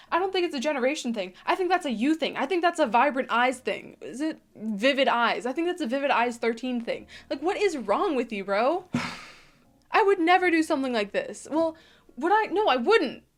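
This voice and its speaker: A woman in her twenties hosting a casual reaction video, reading an online post aloud and reacting with animated, slangy emphasis. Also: high-pitched. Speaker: YouTube host.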